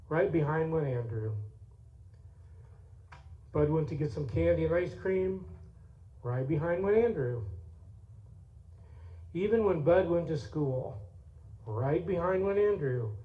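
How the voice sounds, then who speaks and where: A man's voice: a little high, lively intonation, slow pace, pauses often. A man telling a story in a chatty, folksy way, with asides to the audience at a church service. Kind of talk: storytelling with song. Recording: echoey, tinny, loud guitar.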